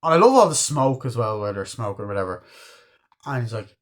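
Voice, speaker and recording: A man's voice: mid-range voice, sing-song, fairly quick. A man giving a casual movie review, rambling with lots of swearing and acting out scenes he loves. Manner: rambling, swears a lot, acts out quoted scenes.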